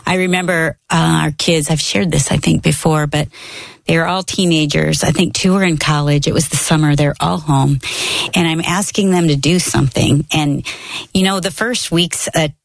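A woman's voice: low voice, steady tone, moderate pace, gravelly, no echo. A middle-aged woman telling earnest personal stories in a faith conversation. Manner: earnest storytelling.

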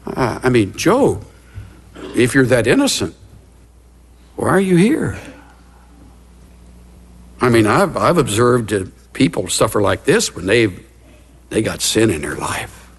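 A man's voice: mid-range voice, sing-song, slow pace, long pauses, husky. A middle-aged man preaching a conversational sermon as a pastor, telling stories and acting out little scenes with gasps and asides. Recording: long reverb of a large hall.

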